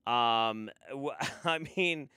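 A man's voice: medium pitch, very slow, pushed and bright, smooth, no echo, clean studio sound. A man hosting a casual livestream, sarcastic, swearing freely and laughing often. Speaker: livestream host.

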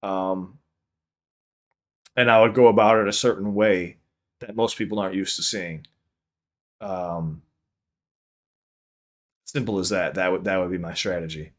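A man's voice: low voice, steady tone, a little slow, pauses often. A man hosting a casual live reaction stream, talking in a rambling way with lots of restarts and casual swearing. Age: under 50. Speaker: livestream reaction host. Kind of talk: casual livestream chat.

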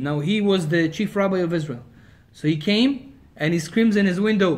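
Brief: rabbi lecturing, lively storyteller, higher male voice. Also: moderate pace. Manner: animated storyteller, swings between loud and quiet.

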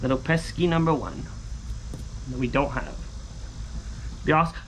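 A young man chatting through a scratch-off lottery vlog, repeating catchphrases and breaking into high excited yells. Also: moderate pace, a little hiss or hum. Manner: bursts into high shouts and sing-song yells when winning; chatty, repeats catchphrases like "holy smokes" and "booyah". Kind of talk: casual excited vlog commentary.

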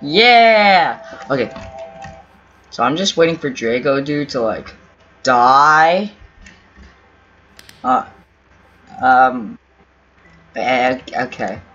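Slow rambling guy narrating a game. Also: mid-range voice, expressive, bright, forceful tone, a little hiss or hum. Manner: rambling, self-talk, pleading and teasing. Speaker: gaming YouTuber. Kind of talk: casual gameplay commentary. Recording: dull lo-fi audio with faint game music. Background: keyboard typing and faint music.

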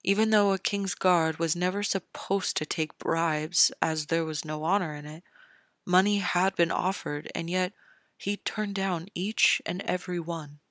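Slow, measured podfic narrator. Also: mid-range voice, steady tone, a bit bright, no room sound, clean studio sound. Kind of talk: fan fiction audiobook reading.

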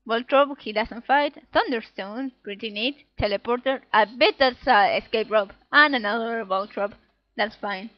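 Woman let's-player, higher voice, playful reading of game text, dull dry home mic. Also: moderate pace, dry recording. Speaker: let's play gamer. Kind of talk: casual gameplay commentary reading dialogue aloud.

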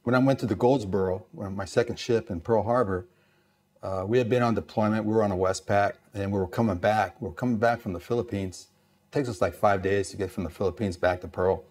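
Brisk and on the low side, the voice belongs to a Navy veteran from East Los Angeles, USA. In a storytelling interview he acts out conversations with lots of animation and frequent "you know"s.

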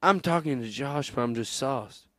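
Loose, rambling podcast co-host, mid-pitched. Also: male voice, animated, moderate pace, sharp tone. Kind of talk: casual comedy chat.

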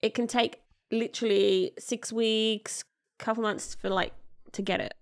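A woman's voice: on the high side, steady tone, measured pace. Chatty woman podcast co-host. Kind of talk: casual chat among friends.

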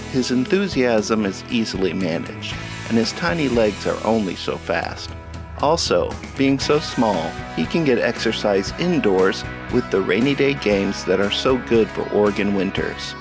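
Low gravelly man narrating over music. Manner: upbeat, chatty and playful. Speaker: animal shelter presenter. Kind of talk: scripted narration for a pet adoption video. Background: background music.

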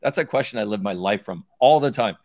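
A man's voice: on the low side, animated, brisk, darkish tone, no echo, clean studio sound. A man as guest in a conversation, playful and earnest, speaking with heartfelt gratitude. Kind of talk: casual conversation.

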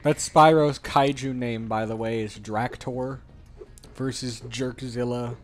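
A man's voice: medium pitch, fairly even intonation, takes it slowly, faint music behind. A man hosting a let's play, joking casually over his gameplay in a playful, slightly put-on British manner.

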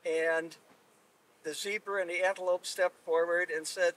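A man telling a folk tale aloud in an unhurried, relaxed way. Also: high voice. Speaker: storyteller. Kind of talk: live oral storytelling. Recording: distant mic at live telling.

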